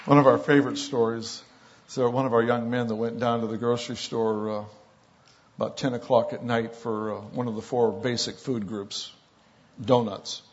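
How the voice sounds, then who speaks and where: A man preaching, telling miracle stories in an animated storytelling way that grows loud on quoted lines. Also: medium pitch, normal speed, some chatter behind, a little hiss or hum. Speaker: pastor. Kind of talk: sermon storytelling. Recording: dull lo-fi sound.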